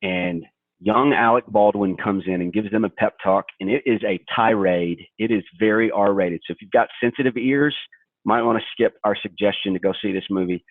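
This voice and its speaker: Low-voiced emphatic man coaching sales. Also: normal speed, no room sound. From Kentucky, USA. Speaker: sales trainer, webinar presenter. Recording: tinny phone-like webinar audio, dry.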